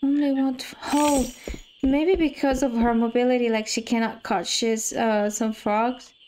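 A woman's voice: on the high side, fairly even intonation, measured pace, darkish tone, low-quality recording. A woman giving casual let's-play commentary while she plays a game. She reads the game's dialogue aloud and gasps and squeals when she gets scared. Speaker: gamer. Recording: game music playing behind.

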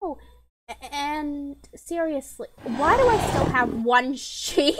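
A woman's voice: high-pitched, animated, takes it slowly, heavy background noise. A woman giving chatty, giggly gameplay commentary and reading quest text aloud. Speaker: gamer playing an online dragon game. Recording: game music playing loudly under the voice. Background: loud game music.

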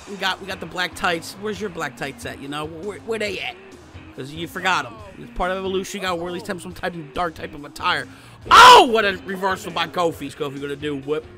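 A man giving excitable, profane gameplay commentary, trash-talking and bursting into shouts while he plays. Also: a little high. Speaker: gaming YouTuber.

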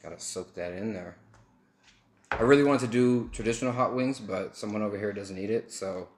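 A young man from Texas tells a loose, joking story in a lowish voice. The room is echoey with a faint hiss under it. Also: fairly quick. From El Paso, Texas. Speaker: vlogger. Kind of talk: casual story-time chat.

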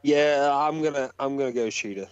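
A man's voice: mid-range voice, normal speed, clean tone, no room sound, lo-fi sound. A man on a casual wrestling podcast panel, hesitant and torn, with many fillers.

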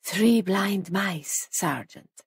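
A woman voicing a sly male guest in an audiobook, speaking slowly in a hushed, half-whispered way. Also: medium pitch, animated, gravelly, husky, dry recording, clean studio sound, exaggerated voice.

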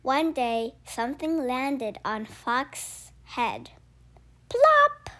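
A woman reading a children's picture book aloud, with slow, expressive storytelling. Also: high-pitched. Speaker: storybook reader. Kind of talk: children's read-aloud narration.

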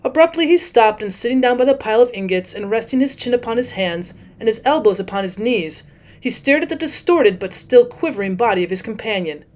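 A woman teacher narrating a classic short story as an audiobook in a steady, clear reading voice. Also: on the high side, a little fast.

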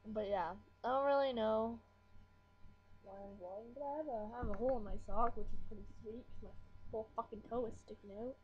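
A woman's voice: on the high side, brisk. A teenage girl vlogging casually at home on a webcam, mumbling, swearing and complaining about being bored. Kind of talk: casual rambling vlog. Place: at home, indoors. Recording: dull lo-fi webcam audio with faint hiss.

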